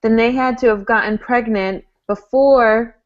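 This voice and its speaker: A woman co-hosting a podcast in casual chat, explaining her points in an animated way over a video call. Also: a little high, a little slow. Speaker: podcast co-host. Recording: dull lo-fi call audio.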